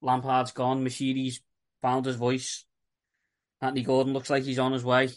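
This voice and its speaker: A man's voice: mid-range voice, completely flat delivery, moderate pace. Chatty man hosting. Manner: chatty, blunt, swears freely. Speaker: podcast host. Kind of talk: casual football chat.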